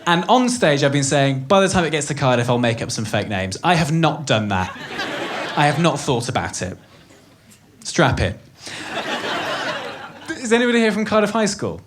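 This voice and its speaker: Chatty Welsh stand-up comedian, lively pitch. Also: male voice, moderate pace, long pauses. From Wales. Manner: chatty, swearing, crowd work. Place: comedy club stage with live audience. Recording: live club recording with audience noise.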